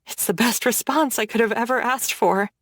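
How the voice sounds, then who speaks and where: A woman reading a dark romance audiobook in first person, with dramatic storytelling. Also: on the high side, normal speed, no echo, studio quality. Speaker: audiobook narrator.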